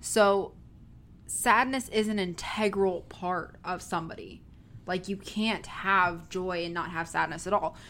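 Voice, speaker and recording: A woman's voice: fairly low pitch, a little slow, fairly bright tone, a little hiss or hum. A woman in casual conversation, explaining a film's ideas in a chatty way. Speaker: co-host discussing a film. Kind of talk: casual chat.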